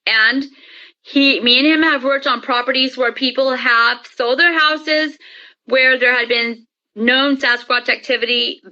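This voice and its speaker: A woman interview guest telling her story in a lively way and acting out the dialogue. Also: high-pitched, measured pace, muffled recording. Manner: lively, acts out quoted dialogue. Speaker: interview guest, paranormal experiencer. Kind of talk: animated storytelling.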